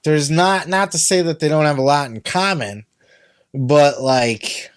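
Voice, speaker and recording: A man's voice: fairly high pitch, measured pace, clean tone, no room sound, studio quality. A man hosting a wrestling podcast in blunt, profane casual commentary. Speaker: podcast host.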